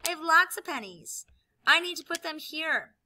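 Bright high-voiced woman teacher. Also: expressive, normal speed. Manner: upbeat, explaining while demonstrating with objects. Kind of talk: classroom video lesson.

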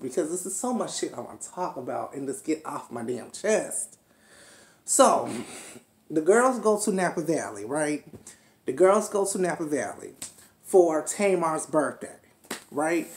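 A man's voice: a little high, darkish tone. Sassy man ranting in an echoey room. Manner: sassy, profane, chatty, calls viewers honey and child. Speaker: vlogger reviewing a TV episode. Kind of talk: casual unscripted rant to camera. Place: indoor room at home.

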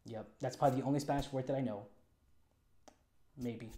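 This young man sounds like he is hosting his own movie review show. His delivery is chatty and upbeat, with loose asides and small jokes. His voice sits at an everyday middle pitch. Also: fairly even intonation, fairly quick, warm tone. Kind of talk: casual solo movie review.

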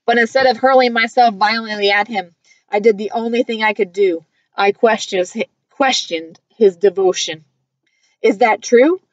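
A woman reading a first-person novel aloud in a measured, earnest storytelling manner. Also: mid-range voice, no echo, highs cut off. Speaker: audiobook reader.

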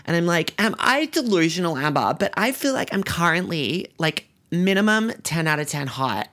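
A man's voice: on the high side, big pitch swings, moderate pace, sharp tone. A man playing a vain, crude, self-obsessed young rich girl with a Sydney Australian accent, talking in a comedic vlog monologue full of "like" fillers. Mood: dramatic gossip. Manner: constant "like" fillers, bratty and self-absorbed.

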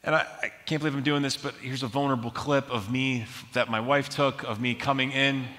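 A man preaching a sermon as pastor, telling stories in an animated, self-mocking way. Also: mid-range voice, fairly quick. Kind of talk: sermon with storytelling. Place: large church auditorium. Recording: long hall reverb.

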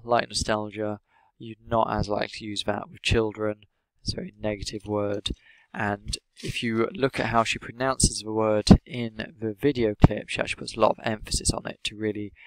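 A male English teacher talking through a lesson in a measured, steady, explanatory way. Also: fairly low pitch, dry recording, poor audio.

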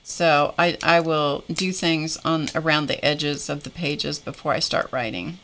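A woman's voice: low voice, fairly even intonation, measured pace, creaky, a bit bright, a little hiss or hum. A woman hosting a live craft stream, chatting casually with viewers and often restarting her sentences. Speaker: craft livestream host.

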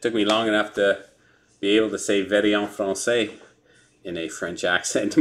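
A man hosting a live card break, briskly listing player names and teams and chuckling over hard names. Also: lowish voice, steady tone. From Canada. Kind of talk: live sports card break, calling out pulls. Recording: noisy room with card-pack crinkling.

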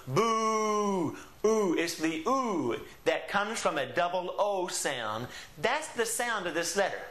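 Male language teacher, slightly high voice, patient and drawn-out, recorded in a roomy space. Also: a bit bright. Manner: patient, drawn-out model pronunciations. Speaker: Spanish teacher. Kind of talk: classroom lesson. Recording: echoey room.

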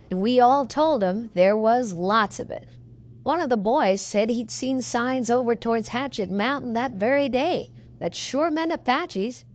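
A woman's voice: a little high, darkish tone, natural voice. A woman reading an audiobook, voicing a folksy male cowboy telling a tall tale in a drawling frontier dialect. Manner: drawling frontier dialect, leisurely yarn-spinning. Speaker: audiobook reader. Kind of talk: audiobook reading of a western yarn.

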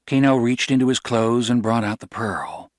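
A man's voice: medium pitch, normal speed, dry recording. Man reading a novel aloud, dry. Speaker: audiobook narrator. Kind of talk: scripted novel narration.

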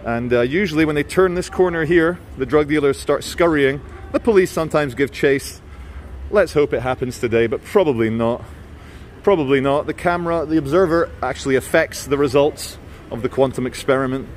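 A man's voice: fairly high pitch, fairly quick, a little hiss or hum. A man vlogging outdoors on city streets, giving joking running commentary and chatting with passersby.

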